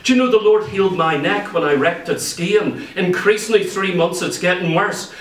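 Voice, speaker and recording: A man with an Irish accent preaching a sermon, telling stories in a lively way and acting out what people said. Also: high-pitched. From Ireland. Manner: lively storytelling, acts out quoted speech. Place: church. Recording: echoey church room, mic at a distance.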